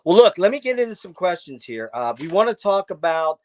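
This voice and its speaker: A man's voice: high-pitched, very animated, fairly quick, slight background noise. A man hosting an interview, chatting like an enthusiastic fan and asking long, wandering questions. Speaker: podcast host. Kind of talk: casual interview chat.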